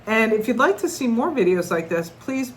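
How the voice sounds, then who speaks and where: A woman's voice: on the high side, sing-song, normal speed, slight background noise, rough recording. A middle-aged woman telling a personal story to camera in an earnest, conversational way, often restarting her sentences. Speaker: vlogger.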